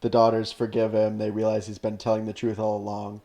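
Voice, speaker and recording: A man's voice: on the low side, monotone, fairly quick, mellow. A man co-hosting a podcast in casual chat, rambling through ideas with lots of "like" and restarts. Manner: rambling, full of "like" and restarts, laughs often. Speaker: podcast co-host.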